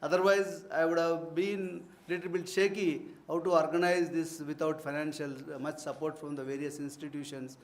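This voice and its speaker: A man's voice: a little high, fairly even intonation, moderate pace, hardly any pauses. A man gives an earnest, formal vote of thanks as conference organizer in a university hall, mixing ceremony with personal anecdotes. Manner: earnest, formal phrasing broken by warm anecdotes.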